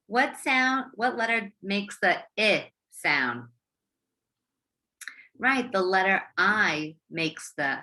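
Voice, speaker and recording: A woman teacher with an American accent giving a slow, encouraging phonics lesson to young students, stretching out sounds and syllables. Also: medium pitch, sharp tone. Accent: American English. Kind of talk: slow, clear classroom instruction for young learners.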